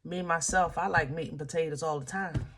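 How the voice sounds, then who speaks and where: A woman's voice: sits low, steady tone, fairly quick, very noisy. A woman giving a casual spoken tarot reading, testifying like a preacher and checking in with her listeners. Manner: preachy and testifying, checks in with "okay?" and "you understand?"; playful asides and laughter between serious points. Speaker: tarot reader.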